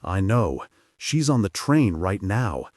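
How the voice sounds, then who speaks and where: A man's voice: deep voice, very animated, takes it slowly, a little mellow, no echo, clean studio sound, full character voice. A man voicing a brave, determined teenage girl who gives urgent, commanding orders, read for an audiobook. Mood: resolute.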